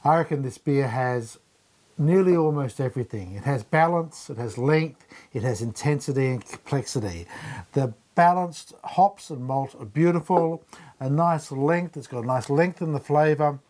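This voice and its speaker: A man's voice: mid-range voice, moderate pace, darkish tone. An Australian man co-hosting a beer show, chatting casually and upbeat through a tasting. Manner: chatty, upbeat, uses fillers.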